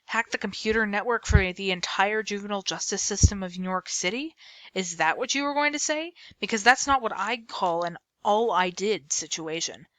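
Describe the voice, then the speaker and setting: A woman reading aloud and voicing a gruff, impatient male public defender with a sarcastic manner. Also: high voice, normal speed, fairly bright tone, no echo. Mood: irritated.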